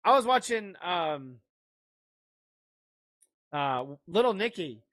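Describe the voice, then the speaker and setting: A man's voice: sits high, sing-song, takes it slowly, a bit bright, no echo. Laughing, rambling podcast guy. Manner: rambling, laughing, profane banter. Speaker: podcast co-host. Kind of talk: casual podcast chat.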